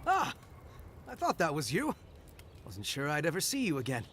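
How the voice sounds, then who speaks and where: An actor playing a relieved, friendly crew leader in a video game. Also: male voice, a little high, huge pitch swings, normal speed, fairly bright tone, slight background noise.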